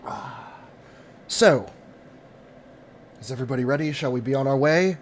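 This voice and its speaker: A man's voice: mid-range voice, normal speed, a little hiss or hum, natural voice. A man voicing a weary, polite adventurer. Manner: polite, formal phrasing.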